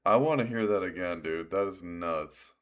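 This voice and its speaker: A man streaming a live reaction, excitable and blunt, swearing and laughing as he comments. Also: low-pitched, moderate pace, music in the background.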